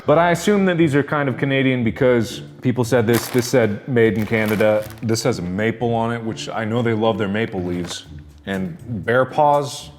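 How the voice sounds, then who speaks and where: A man's voice: medium pitch, a little fast, few pauses, slight background noise. An American man hosting a comedic snack-review vlog, rambling in a self-mocking way. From United States.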